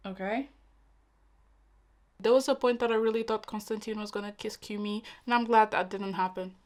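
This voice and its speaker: A woman's voice: mid-range voice, steady tone, moderate pace, a little mellow. A young woman hosting a reaction video, chatting casually and emotionally, talking back at the screen.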